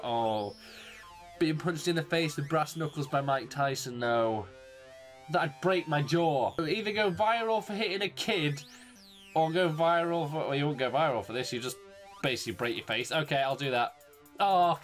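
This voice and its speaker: A young man from England with an English accent, chatting casually and jokily to camera as a YouTuber, rambling and quick to exclaim. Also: on the high side. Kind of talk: casual solo commentary. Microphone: desk microphone.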